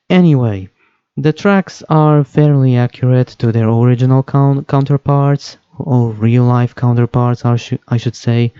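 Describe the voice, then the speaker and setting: A man's voice: medium pitch, warm tone, clean tone, no echo, dull audio. A young man talking over game footage, hesitant, with many fillers and self-corrections. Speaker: gaming video host.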